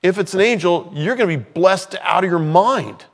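A man's voice: sits high, lively intonation, normal speed, in a large hall. A man preaching a sermon in a conversational way, with playful acted-out asides. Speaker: pastor.

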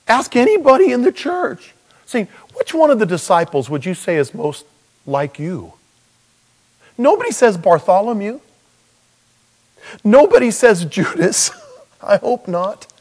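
A man's voice: high-pitched, big pitch swings, unhurried, big-room sound. A man preaching a sermon in a humorous, conversational storytelling way, acting out quoted dialogue.

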